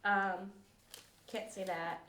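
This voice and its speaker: A woman's voice: mid-range voice, little pitch movement, fairly bright tone. Giggly young woman in an echoey room. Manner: giggly, quick, slangy storytelling. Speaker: podcast co-host. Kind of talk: casual chat.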